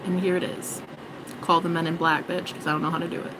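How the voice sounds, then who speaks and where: A woman's voice: lowish voice, level tone, fast talker, noisy background. A woman vlogging in a rambling, joking monologue, swearing and mocking herself. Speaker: spiritual vlogger.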